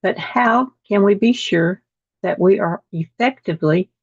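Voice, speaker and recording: A woman's voice: medium pitch, unhurried, breathy edge, dry recording. Woman teacher reading lesson text to a video call class, dull and dry audio. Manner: reads text aloud, repeating words after slips.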